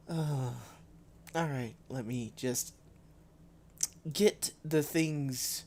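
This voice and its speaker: A man's voice: mid-range voice, extremely slow, pauses often, darkish tone, a little hiss or hum. A man live-streaming a game from home on a desk microphone, rambling in a casual, self-deprecating way with frequent restarts and sighs.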